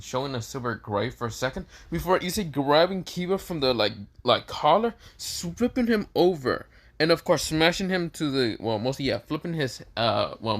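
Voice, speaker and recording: A man's voice: mid-range voice, fairly bright tone. Rambling man narrating a fan story. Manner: rambling, full of fillers and self-corrections.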